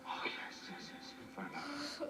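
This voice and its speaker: Whispering at a measured pace over music, a Scottish-accented actor lightly performs a freshly transformed, eccentric male alien in a film drama. He rambles, baffled, excitable and jumpy, hopping between thoughts, and the audio is poor.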